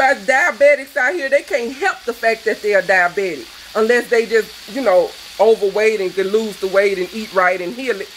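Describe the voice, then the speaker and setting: A woman's voice: a little high, a little hiss or hum, low-quality recording. A woman, a cooking show host, delivering a fervent, preachy rant that scolds her viewers. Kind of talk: impassioned vlog rant.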